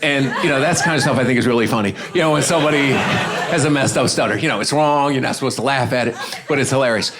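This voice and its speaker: A man's voice: medium pitch, quick pace, a loud crowd, very noisy. A man doing loose, self-amused stand-up storytelling on a comedy club stage into a handheld mic.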